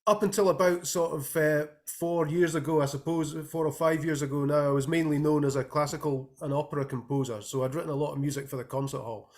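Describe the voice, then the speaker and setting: A man's voice: on the high side, steady tone, fast talker, hardly any pauses, a little mellow. A man, a musician and composer, talking thoughtfully over a video call with many hesitant fillers. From Scotland. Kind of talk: casual interview talk.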